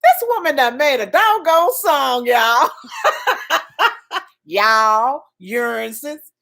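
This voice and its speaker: A woman's voice: high voice, very slow, gravelly. A Southern woman hosting a casual livestream, greeting viewers by name and urging them on in a folksy, preachy way. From Southern United States. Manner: animated, swings between loud urging and soft murmurs. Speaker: livestream host. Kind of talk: casual live-stream chat.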